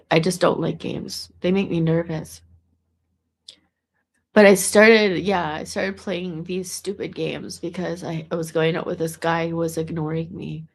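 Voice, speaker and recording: A woman's voice: fairly low pitch, creaky. A woman talking in a casual, meandering monologue to the camera, restarting and repeating words as she goes. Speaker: vlogger.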